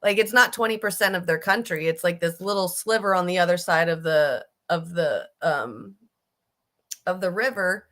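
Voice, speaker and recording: A woman's voice: fairly low pitch, normal speed, fairly bright tone. A woman giving casual, blunt political commentary, emphatic and swearing freely, often restarting her sentences. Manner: restarts and fillers, riled up.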